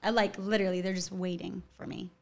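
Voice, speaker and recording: A woman's voice: medium pitch, flat delivery, fast talker, creaky, darkish tone. Chatty young woman saying "like" a lot. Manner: chatty, fills talk with "like". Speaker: actor guest. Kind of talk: casual podcast interview.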